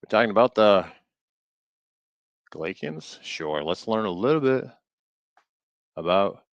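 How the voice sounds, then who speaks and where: Male streamer, low voice, dry close mic; casual halting read-aloud with playful asides. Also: very animated, no room sound, muffled recording. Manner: reads aloud haltingly, stumbling over words and riffing jokingly. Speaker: streamer reading an old book. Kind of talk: casual live-stream book reading with commentary.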